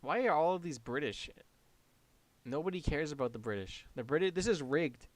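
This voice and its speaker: Young Canadian guy, light accent, deadpan and wry, casual stream banter. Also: a little high, normal speed, no echo. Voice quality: flat, deadpan delivery. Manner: wry, sarcastic reactions. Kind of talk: casual gaming stream chat.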